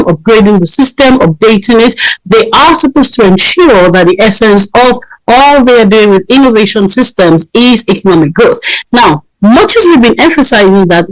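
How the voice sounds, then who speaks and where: This radio talk show host talks alone in an emphatic, repetitive monologue full of fillers and "right?" tags. Her voice sits mid-range, and the low-quality recording has no room sound.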